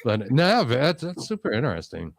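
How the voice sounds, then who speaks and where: A man's voice: medium pitch, huge pitch swings, normal speed, no echo, clean studio sound. A man hosting a live show, chatting easily with a guest and cracking small jokes. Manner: easygoing, joking. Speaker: host. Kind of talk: casual live-show chat.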